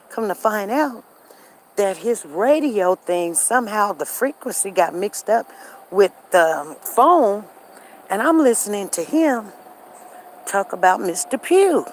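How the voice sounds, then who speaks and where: A woman's voice: mid-range voice, expressive, unhurried, a little hiss or hum. A middle-aged woman hosting a live stream, telling a neighborhood story in a chatty, gossipy way with asides to her viewers. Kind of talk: casual storytelling. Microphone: live-stream device.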